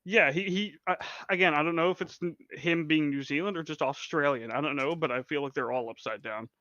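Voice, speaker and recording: A man's voice: a little high, brisk, sharp tone, no echo. A man co-hosting a casual movie chat, swearing freely and laughing often. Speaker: podcast co-host. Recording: dull, lo-fi and dry.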